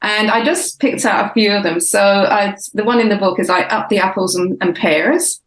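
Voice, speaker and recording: Author guest, woman, 60s, faded Cockney accent, mid pitch, thoughtful with lots of fillers, echoey room. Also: normal speed. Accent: English, faded Cockney. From Southeast London, England. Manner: reflective, many fillers and restarts. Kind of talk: casual interview talk.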